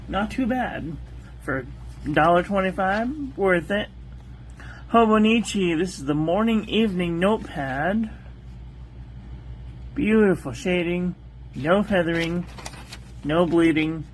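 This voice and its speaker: A woman hosting a calligraphy channel, methodically reviewing ink on one paper after another in a calm, soft-spoken voice. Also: fairly low pitch, a little hiss or hum.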